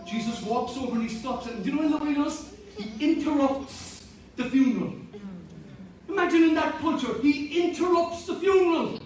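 At normal speed, a very high-pitched male preacher repeats his points earnestly and climbs to emphatic declarations. There's slight background noise, and the distant mic picks up an echoey hall.

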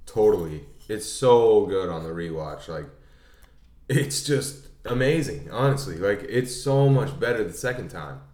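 A young man co-hosting a casual movie chat, animated and swearing a lot as he acts out scenes. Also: on the low side, measured pace, roomy sound. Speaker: podcast co-host.

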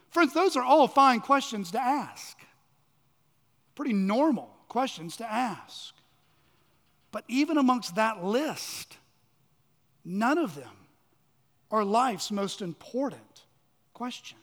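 A man preaching a sermon as pastor, swinging from loud emphasis to hushed, drawn-out lows. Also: very animated. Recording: long hall reverb.

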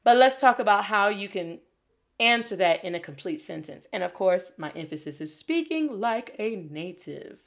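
A woman teaching a Spanish lesson, drilling phrases with lively repetition and switching languages. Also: medium pitch, moderate pace. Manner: animated, switches between English and Spanish, repeats phrases for drill. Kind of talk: energetic video lesson. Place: Detroit.

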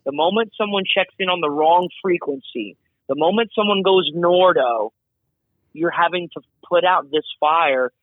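In a casual interview, a man with a fairly high voice explains his job as an air traffic controller, chatty and animated, piling on asides and acting out radio calls. He speaks at normal speed, and his voice comes through dry and tinny like a phone line, with no room sound.

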